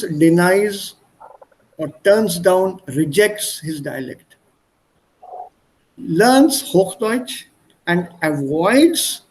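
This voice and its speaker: A high, slightly mellow male voice comes through a rough video-call recording. The speaker, who has an Indian accent, is teaching German online and unpacks each word with a run of English synonyms.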